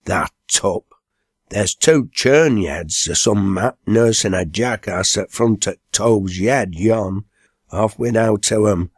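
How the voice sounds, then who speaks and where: A man playing a gruff old mower from a storybook, sneering at whoever stops him in broad Lancashire dialect. His talk is blunt, slow and dry, close to the mic. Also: fairly low pitch, dry recording. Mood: scornful.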